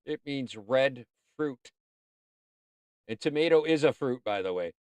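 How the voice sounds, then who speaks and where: A man's voice: mid-range voice, expressive, measured pace, long pauses, darkish tone, clean tone, no echo. A man hosting a casual livestream, chatting in a rambling, playful way and often talking to himself. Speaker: livestream host.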